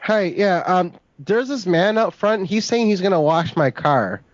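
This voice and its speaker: A man's voice: high-pitched, animated, a little slow. A man making a prank phone call, stammering and indignantly confused. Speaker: prank caller.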